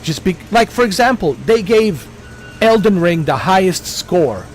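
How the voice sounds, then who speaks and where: A man's voice: high voice, lively intonation, a little slow, faint music behind, low-quality recording. A man hosting a gaming livestream, ranting casually with lots of stumbles and restarts. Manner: rambling, opinionated rant with many restarts.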